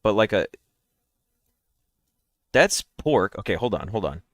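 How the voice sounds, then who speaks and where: A man's voice: on the low side, sing-song, unhurried, no room sound, studio quality. A man streaming daily guessing games, chatting and rambling nonstop to his viewers through a headset mic while yawning. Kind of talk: casual live-stream chat.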